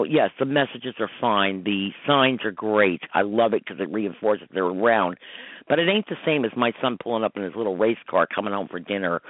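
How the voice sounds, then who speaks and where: A man's voice: lowish voice, dry recording. Upset middle-aged man on a tinny phone line. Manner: emphatic, rambling, upset. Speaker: radio show host, psychic medium. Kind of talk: call-in radio talk.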